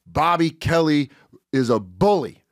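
A man's voice: fairly high pitch, measured pace, no room sound, studio quality. A comedian in his forties, a guest on a podcast, chatting casually and telling stories in which he acts out what other people said. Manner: animated storyteller acting out other people's lines. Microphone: studio podcast mic.

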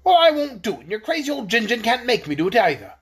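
A man's voice: very high voice, animated, normal speed, voice pushed up, heavily acted. A man voicing a cowardly old gnome king from a storybook, blustering and defiant. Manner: shouting, defiant swagger.

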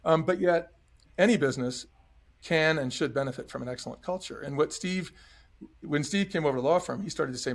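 A middle-aged man, once a restaurant chain executive, speaks briskly in a slightly high voice as a podcast interview guest. He tells his story in an earnest, emphatic manner, frequently acting out what others said.

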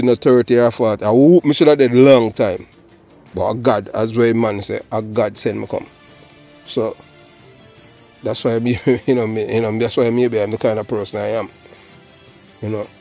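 A Jamaican man talks straight to his viewers in a loose, rambling commentary, swinging between patois and English. His voice sits at an ordinary middle pitch and he leans hard on his points. Soft music plays faintly beneath him. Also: creaky. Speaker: channel host. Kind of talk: solo commentary monologue.

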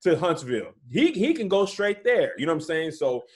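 A man in his thirties, a comedian guest, in casual podcast chat, telling stories in a lively way. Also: a little high, fairly quick. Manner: animated storytelling, often says "you know what I'm saying".

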